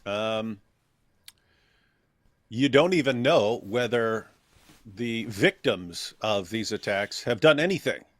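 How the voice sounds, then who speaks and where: A man's voice: on the low side, expressive, takes it slowly, long pauses, no echo. A man co-hosting an opinionated commentary chat, talking animatedly and mocking others in quoted voices. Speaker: co-host.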